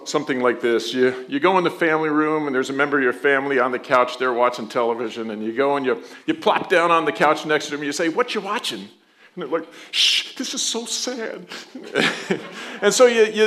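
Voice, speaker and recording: A man with a notably high voice leads a congregation as pastor. He prays softly, then shifts into a relaxed, chatty sermon full of playful asides. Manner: conversational, playful storytelling with asides; soft, low prayer voice.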